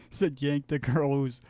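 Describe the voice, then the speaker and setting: A man co-hosting a casual podcast, laughing often and throwing in quick jokes. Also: medium pitch, mellow, no echo. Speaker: podcast co-host. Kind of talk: casual chat.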